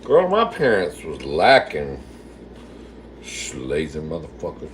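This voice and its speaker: Casting: sassy, swearing man chatting with viewers from his kitchen, pitch swinging up and down a lot. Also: huge pitch swings, slow pace, background noise. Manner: reads out and answers viewer comments. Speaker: livestream host. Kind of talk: casual livestream chat while cooking. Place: home kitchen.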